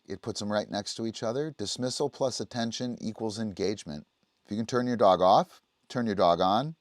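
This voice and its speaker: A man's voice: lowish voice, a little mellow, no room sound, clean studio sound. A man teaching dog training on a livestream, explaining casually and often checking in with the listener. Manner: conversational, explaining, often asks "right?".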